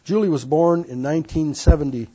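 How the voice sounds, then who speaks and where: A man's voice: a little high, quick pace, warm tone, breathy edge. An older man earnestly telling his life story to an audience, with folksy asides, in a dull lo-fi recording. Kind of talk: personal testimony to an audience.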